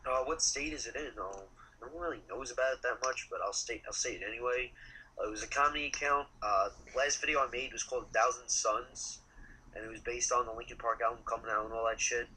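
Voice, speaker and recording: A man being interviewed as a guest, talking in a rambling, halting way and swearing casually. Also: medium pitch, bright, forceful tone, slight background noise, rough recording. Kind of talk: casual chat.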